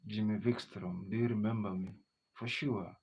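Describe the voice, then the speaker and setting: A man's voice: on the low side, steady tone, normal speed, darkish tone, breathy edge. A man hosting a casual livestream, reading out viewer comments and greeting them by name, dropping "you know" often. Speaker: livestream host. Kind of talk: casual live-stream chat with viewers. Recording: dull lo-fi stream audio.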